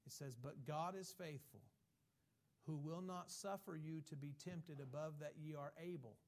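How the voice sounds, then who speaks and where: Man, pastor, sermon, emphatic preaching, fairly high-pitched. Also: measured pace. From has Irish ancestry. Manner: emphatic preaching, mimicking excuses in a higher voice.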